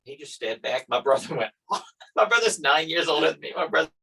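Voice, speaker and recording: Husky-voiced man telling animated stories. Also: fairly high pitch, a little fast, rough recording. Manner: animated storyteller, acts out quotes. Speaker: podcast host. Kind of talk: casual chat.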